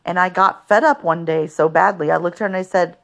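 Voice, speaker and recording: A woman's voice: lowish voice, steady tone, fast, vocal fry. A woman telling her life story in a podcast, earnest and conversational, with many fillers.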